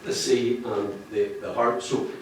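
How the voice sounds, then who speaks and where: A man's voice: medium pitch, fairly even intonation, measured pace, slight background noise. Man speaking in an echoey room. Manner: jokey, rambling, laughs at his own jokes. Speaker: book cover artist speaking at a launch. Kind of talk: public speech to an audience. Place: function room with an audience. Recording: echoey room, distant mic.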